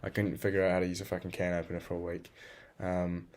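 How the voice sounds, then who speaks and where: A man's voice: deep voice, monotone, fast, darkish tone. A man keeping a casual video journal, bluntly and profanely telling himself off in the second person. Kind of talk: casual self-talk journal.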